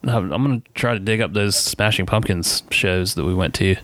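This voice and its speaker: A man's voice: low voice, normal speed, a bit bright. A man co-hosting a podcast in casual chat, laid-back, laughing often and trailing off mid-sentence. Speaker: podcast co-host.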